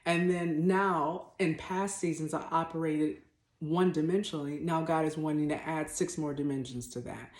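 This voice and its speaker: A woman's voice: low-pitched, steady tone, moderate pace, darkish tone. Emphatic woman teaching faith, echoey room. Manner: emphatic, repeats herself, restarts, speaks bluntly. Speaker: faith vlogger. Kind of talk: spontaneous spiritual teaching. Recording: roomy echo.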